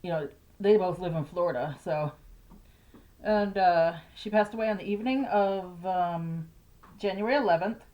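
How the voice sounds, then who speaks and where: A woman's voice: fairly low pitch, normal speed. A middle-aged woman talks to her camera in a loose, rambling way, stopping and restarting with nervous laughs. She is grieving, and the recording is a little dull and lo-fi, like a basic phone mic. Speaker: vlogger. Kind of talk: casual personal vlog. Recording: slightly dull lo-fi audio.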